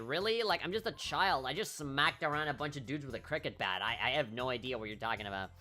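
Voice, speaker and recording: A man streams a game and riffs on it with sarcastic, profane commentary. He jumps into loud, high-pitched outbursts of disbelief. His voice is bright and sharp, with faint game music behind it. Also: fast, hardly any pauses.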